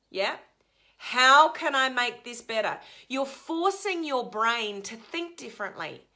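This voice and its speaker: A woman speaks live to her viewers as a motivational coach, with a bright, forceful edge to her voice. Her voice sits a little high, and she talks in an energetic, emphatic way, acting out the complaints she quotes. The delivery is lively and direct. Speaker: life coach.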